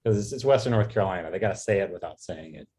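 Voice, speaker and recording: A man from New York doing a rambling stand-up set over a video call, halting with many fillers and restarts. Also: low voice, darkish tone. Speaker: stand-up comedian.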